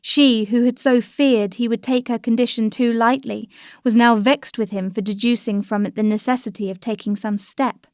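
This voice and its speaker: Fairly high-voiced woman narrating an audiobook. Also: steady tone, normal speed, darkish tone, dry recording, clean studio sound. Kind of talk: scripted narration of a classic novel.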